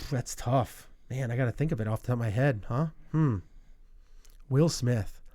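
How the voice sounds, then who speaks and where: A man's voice: mid-range voice, expressive, measured pace, vocal fry, dark tone. A man co-hosting a casual movie podcast, rambling and self-deprecating. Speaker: podcast co-host. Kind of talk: casual chat.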